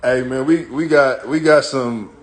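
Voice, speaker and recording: A man's voice: medium pitch, a little slow. A man hosting a live podcast in a loose, slangy way, calling out viewers and friends. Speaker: podcast host. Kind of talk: casual live-stream chat.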